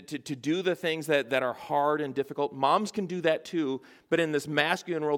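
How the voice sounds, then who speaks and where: A man's voice: mid-range voice, fairly bright tone. A middle-aged man, a pastor, preaching a sermon in an earnest way, repeating phrases for emphasis.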